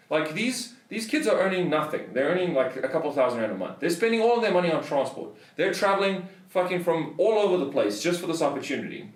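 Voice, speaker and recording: A man's voice: fairly high pitch, big pitch swings, fast, few pauses, echoey room, far from the mic. A South African man on a podcast, telling a story in a heated, swearing rant. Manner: swears a lot, heated ranting. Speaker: podcast host. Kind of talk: casual storytelling.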